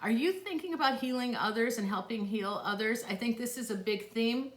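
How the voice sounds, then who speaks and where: This middle-aged woman hosts a live psychic stream, speaking a little fast in a voice on the high side. She answers questions casually and effusively, with lots of gasps and laughs. The recording, made on a phone or tablet, echoes around the room.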